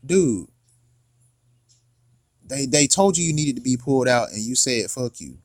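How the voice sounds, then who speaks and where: A man's voice: medium pitch, expressive, unhurried, dry recording. A man hosting a reaction video, arguing his point in slangy, repetitive questions. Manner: argumentative, repeats questions, slangy. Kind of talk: casual reaction commentary.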